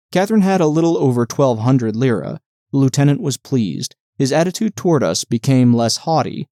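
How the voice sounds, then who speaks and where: A man narrating an audiobook in an expressive reading style. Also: mid-range voice, normal speed, no room sound, clean studio sound. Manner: expressive, dialogue-driven reading.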